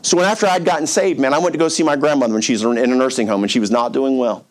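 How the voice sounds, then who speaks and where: A man's voice: mid-range voice, very fast. A male pastor preaching a storytelling sermon in a conversational, emphatic way, with casual asides to his listeners.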